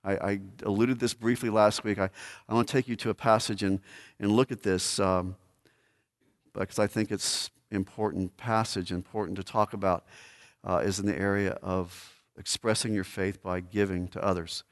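A man preaching a sermon as pastor, emphatic, swinging between loud declarations and hushed asides. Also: fairly low pitch, flat delivery, moderate pace, in a large hall.

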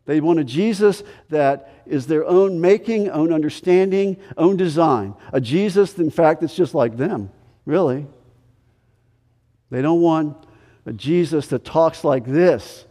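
A pastor preaching in a church hall, his voice a touch higher than most men's yet mellow and soft-edged. He presses his points by repeating words and swings between raised emphasis and quiet intensity. A long reverb trails every phrase. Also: unhurried. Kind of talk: sermon. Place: church sanctuary.

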